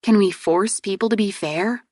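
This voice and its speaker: A woman reader voicing a proud, exasperated young princess heir in an audiobook, with sharp, indignant retorts. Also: mid-range voice, moderate pace, no echo, clean studio sound, natural voice. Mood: earnest.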